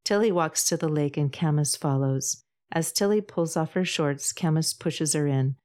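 Calm, low-voiced woman narrator for a podcast storybook. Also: normal speed. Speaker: author and podcast host.

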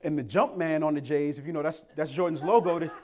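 A man's voice: a little high, quick pace. A young man from Boston preaching, telling a humorous story and acting out the people in it. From Boston, Massachusetts. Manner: animated, playful, acts out quoted voices. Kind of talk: storytelling sermon.

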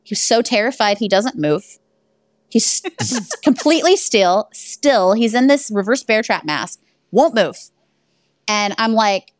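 A woman's voice: medium pitch, expressive, moderate pace, dry recording, clean studio sound. A woman who owns an escape room, telling stories animatedly in a casual interview and laughing along the way. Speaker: guest.

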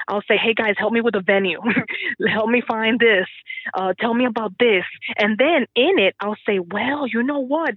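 A woman's voice: medium pitch, dry recording. A woman from the Dominican Republic, a teacher, talking in an interview over the phone, chatty and laughing often. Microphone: telephone. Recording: tinny phone line.

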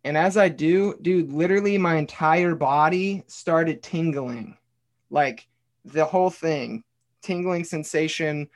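A man's voice: a little high, slow. Earnest man telling a spiritual story. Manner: earnest storytelling, reading aloud his own journal; casual, swears, says dude and like. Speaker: podcast guest, former pastor turned bartender. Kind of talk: casual podcast conversation.

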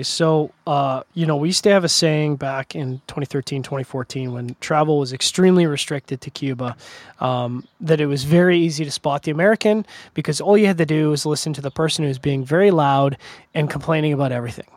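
A middle-aged man from Canada chats casually on a podcast, wandering through stories with lots of "you know" and restarts. His voice sits a little high for a man. The sound is dry and close, with no room around it. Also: quick pace, dry recording. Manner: rambling storyteller with frequent restarts and fillers. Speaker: podcast co-host. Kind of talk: casual chat.

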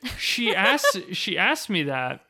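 A man's voice: high voice, very animated, slow, creaky, bright, forceful tone. A man co-hosting a podcast, chatting casually and rambling through a story, laughing often and swearing freely. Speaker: podcast co-host. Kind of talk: casual chat.

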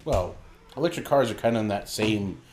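A man's voice: lowish voice, lively intonation, fairly quick, darkish tone, slight background noise. A man co-hosting a podcast in casual, joking chat, laughing often and talking animatedly. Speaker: podcast co-host.

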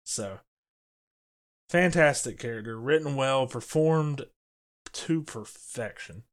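A man talks through a show with a podcast crew in an easy, animated way. His voice sits at an ordinary middle pitch, and he drops quick character lines into his explanations as he goes. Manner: animated, quotes characters in passing. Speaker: podcast co-host. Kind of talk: casual podcast discussion.

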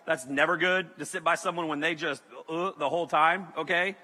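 A man's voice: fairly high pitch, brisk, big-room sound. A man preaching, telling a funny story and often checking in with "okay?". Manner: animated, keeps checking in with "okay?". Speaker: pastor. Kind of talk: comedic sermon storytelling.

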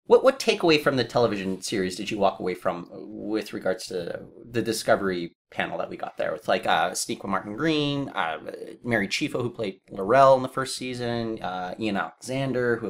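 A man's voice: lowish voice, expressive, brisk. A man co-hosting a casual discussion, opinionated and talking with frequent fillers. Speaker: podcast co-host.

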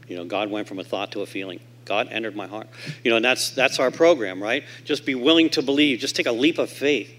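Man telling an animated recovery story. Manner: animated storyteller who acts out quoted voices; swings from loud and emphatic to low and quiet. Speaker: convention speaker. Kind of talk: recovery story told to a convention audience. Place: convention hall stage.

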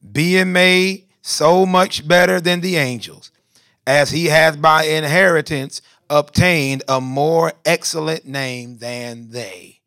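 Pastor preaching in a dry sound. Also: male voice, on the high side, fairly even intonation, takes it slowly, a bit bright, clear, resonant tone, no room sound. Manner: rising to emphatic bursts, reverent. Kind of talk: sermon and prayer.

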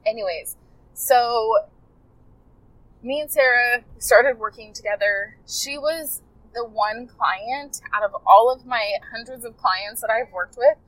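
A woman's voice: fairly high pitch, takes it slowly, a bit bright, no echo, low-quality recording. Rambling heartfelt woman coach. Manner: rambling, self-correcting, heartfelt. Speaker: health coach podcaster. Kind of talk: casual storytelling to listeners.

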